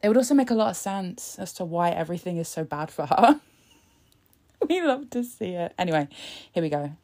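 A woman's voice: lowish voice, expressive, normal speed, darkish tone. A young British woman chatting sarcastically in a casual reaction video, laughing often. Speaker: vlogger.

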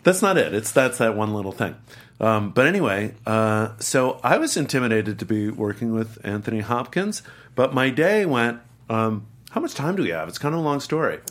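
A middle-aged man with a lowish voice speaks at a normal speed. He's a guest actor telling a casual anecdote in an animated way, acting out the voices and accents of the people in it.

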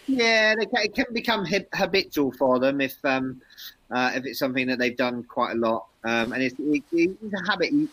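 Bright-voiced man, teasing co-host. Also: medium pitch, animated, normal speed, rough recording. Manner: teasing, then explains dog behaviour patiently. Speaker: dog trainer co-host. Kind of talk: casual live-stream chat.

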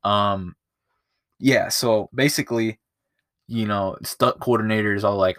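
A man's voice: fairly low pitch, steady tone, moderate pace, sharp tone, no echo, clean studio sound. A man hosting his own podcast. He retells a movie in a rambling, profane, chatty way and often loses his place. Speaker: podcast host. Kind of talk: casual movie review chat.

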